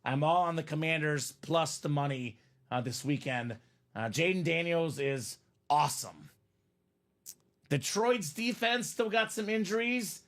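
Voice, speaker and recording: A man's voice: fairly high pitch, a little slow, fairly bright tone. A man hosting a live stream, chatting casually and reading viewer comments aloud.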